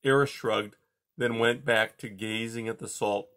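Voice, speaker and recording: A man calmly reading a children's novel aloud, chapter by chapter. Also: on the low side, unhurried. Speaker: audiobook reader.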